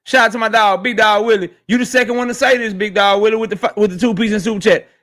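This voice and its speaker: A man's voice: sits high, fairly even intonation, fast, a bit bright. A man hosting a casual livestream, talking in loose slang and answering viewers' chat messages. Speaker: host of a boxing talk livestream.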